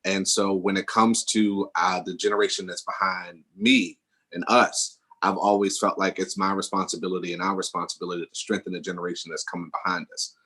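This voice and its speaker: A man speaking as a guest mentor on a video call, earnest and warm in his laughter, often restarting his phrases. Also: deep voice, flat delivery, a little fast, husky. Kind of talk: casual video call conversation.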